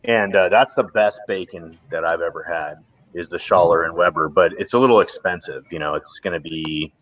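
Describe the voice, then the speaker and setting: A man with a very deep voice chatting easily on a stream. His talk is relaxed and explanatory. The mic sounds dull and lo-fi, with a dry, close sound. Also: moderate pace, no room sound. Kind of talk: casual chat.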